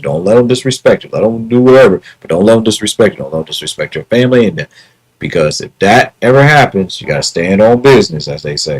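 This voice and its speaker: A man's voice: fairly low pitch, husky, rough recording. A man talking casually on his own livestream, earnest and repetitive, often restarting his words. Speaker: live streamer.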